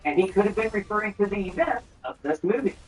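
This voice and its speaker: A man hosting a film trailer breakdown, with brisk, enthusiastic commentary. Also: sits high, expressive, rough recording. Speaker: host.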